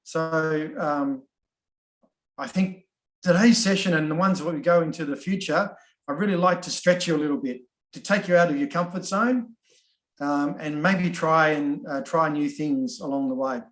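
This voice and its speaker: A middle-aged Australian man talks easily and chattily, sprinkling ums as he goes. His voice sits a little higher than most men's. The video-call sound is roomy and echoey. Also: normal speed. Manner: chatty, frequent ums and restarts, easygoing. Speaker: course facilitator. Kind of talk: casual self-introduction in an online session.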